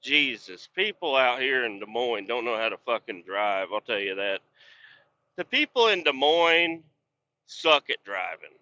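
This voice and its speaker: A man's voice: medium pitch, sing-song, measured pace, sharp tone, dry recording. A man telling rambling, blunt stories full of swearing, ranting with exasperation as he drives a truck. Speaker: podcast host and truck driver. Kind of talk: rambling casual storytelling. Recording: dull lo-fi sound.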